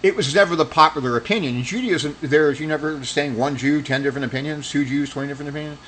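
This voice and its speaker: A man's voice: on the high side, racing, fairly bright tone, slight background noise, poor audio. A man giving a casual religious commentary monologue, rambling and argumentative, with heated accusing stretches. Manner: rambling with restarts.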